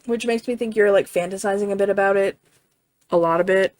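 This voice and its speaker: A woman's voice: medium pitch, fairly even intonation, brisk, darkish tone, dry recording. A woman giving a casual tarot reading in a chatty way, full of fillers, often checking in with "right?" and swearing now and then. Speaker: tarot reader.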